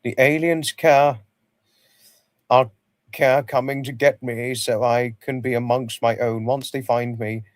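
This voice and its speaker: A man's voice: mid-range voice, steady tone, a little slow, no room sound. A man hosting a casual livestream, rambling, repeating himself and greeting viewers by name. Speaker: livestream host.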